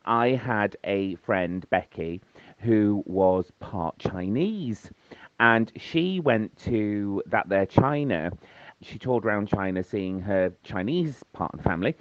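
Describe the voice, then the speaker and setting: A man's voice: expressive, slow, dry recording. A man leaving a chatty, silly voice message for a podcast. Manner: chatty, silly, sing-song with big pitch swings. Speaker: caller. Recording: dull lo-fi phone message.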